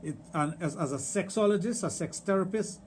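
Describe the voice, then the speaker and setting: A man's voice: sits high, a little fast, darkish tone, slight background noise. A middle-aged man with a Trinidadian accent hosting a radio talk show, telling stories emphatically and repeating his points. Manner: emphatic, storytelling, repeats phrases. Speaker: radio show host, sexologist. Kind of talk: casual radio chat.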